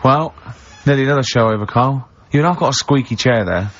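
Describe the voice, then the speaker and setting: A man hosts a radio show in loose, chatty banter, steering between teasing remarks and long rambling anecdotes. His voice sits at an ordinary middle pitch, and the sound has the dull, muffled edge of an old lo-fi broadcast. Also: fairly quick. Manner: rambling anecdotes, giggly laughter. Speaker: radio host.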